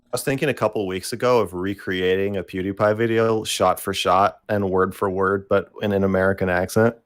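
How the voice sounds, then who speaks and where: A man co-hosting a casual chat, speaking in a thoughtful, measured way. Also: deep voice, fairly even intonation, no echo, studio quality.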